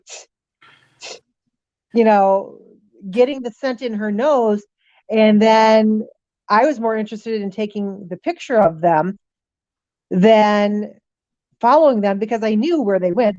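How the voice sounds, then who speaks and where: A middle-aged woman, a guest on an interview show, telling lively stories, voicing animals' thoughts and dropping frequent ums. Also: mid-range voice, dry recording, dull audio. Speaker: guest, paranormal author. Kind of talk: casual storytelling interview.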